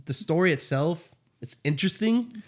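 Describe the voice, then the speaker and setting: Young male co-host, a bit higher pitch, loose and cussing, retells scenes in voices. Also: expressive, normal speed. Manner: profane, rambling, acts out scenes in voices. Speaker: podcast co-host. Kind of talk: casual comic book review chat.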